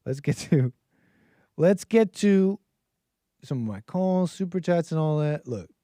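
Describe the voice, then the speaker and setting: A man's voice: mid-range voice, dark tone, no echo, studio quality. An American man hosting a livestream call-in show, talking in a sarcastic, mocking way. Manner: sarcastic, mocking quoted voices.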